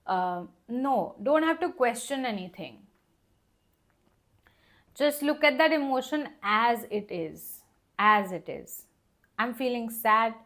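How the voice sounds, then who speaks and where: A young woman giving a casual tarot reading, talking gently and rambling with lots of fillers and soft laughs. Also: a little high, expressive, a little slow. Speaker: tarot reader.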